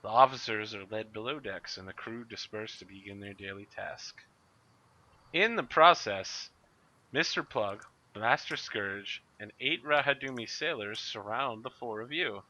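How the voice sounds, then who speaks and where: Bright-voiced man narrating a tabletop game. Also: fairly low pitch. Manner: brisk, playful narration with slips. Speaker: game master. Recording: muffled lo-fi recording.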